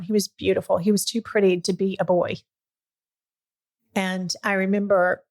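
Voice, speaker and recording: A middle-aged woman hosting a podcast, telling a personal story in casual chat, lively and earnest, at times emotional. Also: medium pitch, moderate pace, vocal fry. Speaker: podcast host.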